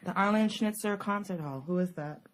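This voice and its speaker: A woman's voice: medium pitch, moderate pace. Playful woman teasing her co-host. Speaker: co-host, host's wife. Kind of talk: casual chat.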